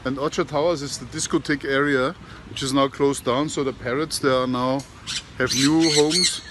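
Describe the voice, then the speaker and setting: A man telling a joke to his camera outdoors at an industrial estate, halting and restarting his words as he goes. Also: mid-range voice, fairly even intonation, noisy background. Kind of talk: casual storytelling to camera. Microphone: handheld camera.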